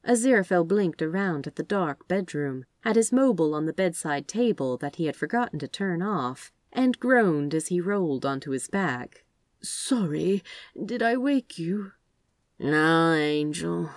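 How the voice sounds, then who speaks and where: A woman reading fan fiction aloud as an audiobook, with expressive storytelling and acted character voices. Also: on the low side, moderate pace, few pauses, no room sound. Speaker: audiobook reader.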